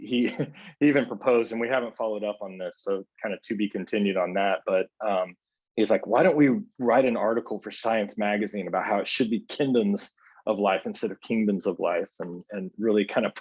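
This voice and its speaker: A man who edits books, hosting an online book club, speaking softly with frequent hesitations and reading a passage aloud. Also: lowish voice, no room sound, dull audio. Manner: soft-spoken and unhurried, with frequent hesitations.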